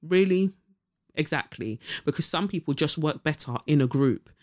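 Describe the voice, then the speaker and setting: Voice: mid-range voice, expressive, normal speed. A young adult podcast host who chats casually, reads news items aloud and gives sarcastic, opinionated takes full of fillers.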